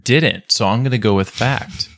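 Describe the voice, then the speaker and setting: A man on a podcast panel, teasing and energetic. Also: medium pitch, normal speed, gravelly, no room sound, studio quality. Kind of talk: casual chat.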